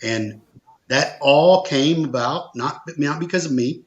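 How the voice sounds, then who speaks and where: A man's voice: fairly high pitch, takes it slowly, highs cut off. Earnest man telling a business story. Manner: earnest, emphatic, repeats phrases for stress. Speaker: insurance agency owner, guest. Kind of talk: conversational storytelling.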